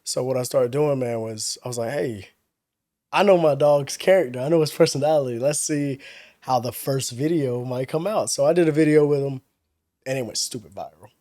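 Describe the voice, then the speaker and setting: A young man telling stories in casual chat as a podcast guest, relaxed and full of slang. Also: mid-range voice, brisk, dry recording, clean studio sound. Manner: laid-back slang-heavy storytelling, laughs often.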